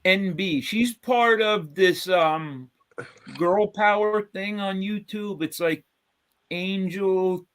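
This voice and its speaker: A man's voice: high-pitched, takes it slowly, a bit bright, smooth. A man hosting a casual live-stream chat, rambling with lots of fillers. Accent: New York. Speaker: host.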